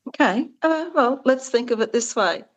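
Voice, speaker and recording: The founder of a farming support business, a woman with a fairly high, expressive voice, talks at a moderate pace during a conversational interview. She speaks earnestly and animatedly, her voice jumping up as she reenacts quoted exchanges.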